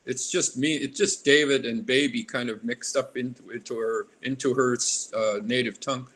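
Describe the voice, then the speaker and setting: A man in his sixties from Alaska, a guest in an interview, rambling warmly and drifting into tangents. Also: mid-range voice, steady tone, moderate pace. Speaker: artist guest. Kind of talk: casual interview conversation.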